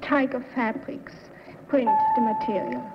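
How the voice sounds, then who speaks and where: A high-voiced woman contestant answering in short, plain replies. The recording is a dull 1960s TV broadcast with a long studio echo. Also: very animated, a little slow, very noisy. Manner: curt, plain. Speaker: game show contestant. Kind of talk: short answers on a game show.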